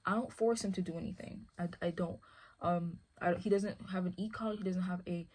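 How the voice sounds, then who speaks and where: A woman's voice: fairly low pitch, fairly even intonation, a little fast, a little mellow. A woman who handles a service dog, talking casually and rambling, often asking "you feel me". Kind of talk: casual chat.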